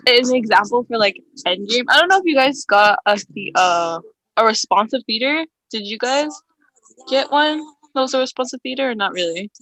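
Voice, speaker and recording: A young woman co-hosting a casual podcast chat, animated and full of fillers. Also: a little high, no echo. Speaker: podcast co-host.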